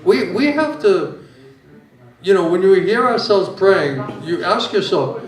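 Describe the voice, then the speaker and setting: Joking spiritual teacher in echoey hall. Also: male voice, high voice, expressive, a little slow. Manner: chatty, joking, conversational teaching. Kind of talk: informal religious talk with questions. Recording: echoey hall from far off, audience.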